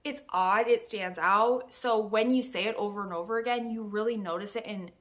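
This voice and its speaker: A young woman giving a casual, animated book review, exasperated and laughing often. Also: medium pitch, moderate pace.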